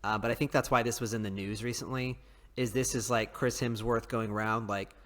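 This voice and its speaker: A man's voice: on the low side, steady tone, a little fast, fairly bright tone. Jokey podcast guy rambling along, echoey reverb on him. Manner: rambling, jokey, laughs often. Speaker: podcast co-host. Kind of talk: casual chat.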